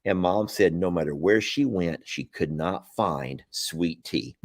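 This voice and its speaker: A man's voice: deep voice, unhurried, dry recording, studio quality. A man with a Southern American accent, hosting a live stream in a rambling, folksy way and chuckling often. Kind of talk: casual live-stream chat.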